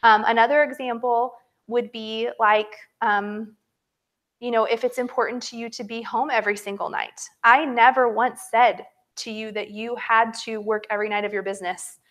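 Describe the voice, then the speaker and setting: A woman in her thirties leading a motivational training talk for her sales team, telling stories in a chatty, animated way and calling her listeners "you guys.". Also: fairly high pitch, moderate pace. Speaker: direct-sales team leader.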